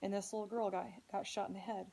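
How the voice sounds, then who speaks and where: A woman's voice: mid-range voice, level tone, quick pace, warm tone, rough recording. A woman from Indianapolis earnestly telling a personal story as a podcast host, speaking with strong emotion. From Indianapolis, United States.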